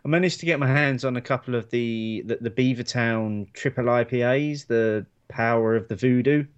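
A man co-hosts a casual beer podcast in an ordinary mid-range voice. He talks in a relaxed, rambling way, filling gaps with ums and restarts. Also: medium pitch, normal speed, clean tone. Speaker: podcast co-host. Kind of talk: casual chat.

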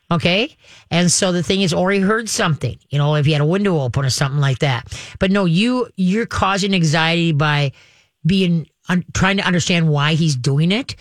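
A man's voice: high voice, a bit bright, no room sound. A man hosting a call-in pet advice show, folksy and reassuring, rambling with frequent restarts. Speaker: pet advice radio host.

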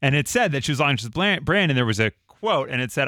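A man's voice: mid-range voice, sing-song, fast, pushed and bright, dry recording. A man co-hosting an afternoon radio show, bantering in a playful, joking way from a studio. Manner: playful, jokey. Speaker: radio host. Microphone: studio microphone.

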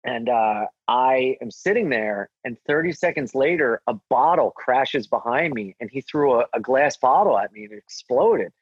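A man, a stand-up comedian, telling a story in casual chat and acting out the quotes in a higher voice. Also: moderate pace, hardly any pauses, breathy edge, no echo, lo-fi sound. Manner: animated, acts out quotes in a higher voice.

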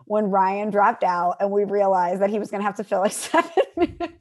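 A woman co-hosting a casual podcast, telling stories with lively energy and frequent laughter. Her voice sits at a middle pitch, and her delivery is chatty and expressive. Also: fairly quick. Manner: animated storyteller, laughs often. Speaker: podcast co-host. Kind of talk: casual chat.

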